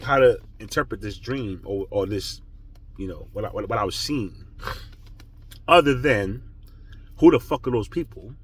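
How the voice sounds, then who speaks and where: A man's voice: lowish voice, a little hiss or hum. A young man casually telling a personal spiritual story, earnest and rambling, swearing freely and checking in with his listener. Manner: earnest, rambling, swears freely, keeps asking "you know?". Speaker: spiritual vlogger.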